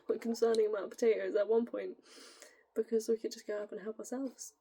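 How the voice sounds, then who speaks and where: A young woman with a northern English accent, musing in a rambling, giggly way and slipping into soft, whispery asides. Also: a little high, steady tone, brisk, husky. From northern England. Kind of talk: casual musing monologue.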